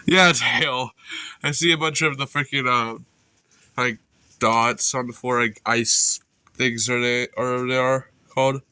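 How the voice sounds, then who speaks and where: A young man vlogging from indoors at home, rambling and excitable, his voice congested. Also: mid-range voice, measured pace, clean tone. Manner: rambling, excitable, self-correcting. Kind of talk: casual narration while filming a storm.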